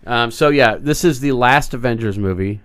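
A man's voice: medium pitch, moderate pace, fairly bright tone, clear, resonant tone, no echo. A middle-aged man hosting a podcast in casual comedic chat, crude and joking, rambling with restarts. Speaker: podcast host.

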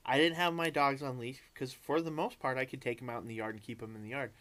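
A man's voice: medium pitch, fast talker. A man in casual podcast chat, swearing freely and acting out quotes as he tells stories. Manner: profane, animated storyteller acting out quotes. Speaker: podcast co-host.

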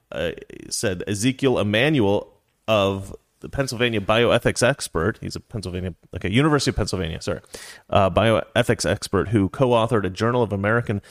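Lowish and echo-free, this man's voice comes through clean studio audio. He reads news stories aloud as co-host of a casual talk show, commenting in a sarcastic, heated, mock-serious way.

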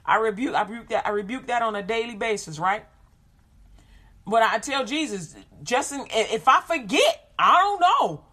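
A woman giving an informal sermon, animated, acting out quoted voices and laughing often. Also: fairly high pitch, moderate pace.

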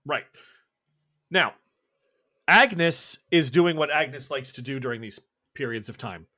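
A man's voice: medium pitch, animated, takes it slowly, sharp tone. A man narrating as game master of a tabletop horror game, describing scenes with frequent restarts.

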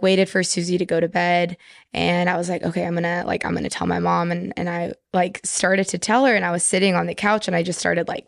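A woman's voice: fairly low pitch, vocal fry, dry recording, studio quality. A young woman from Texas, a podcast guest telling a personal story in casual chat, full of "like" fillers.

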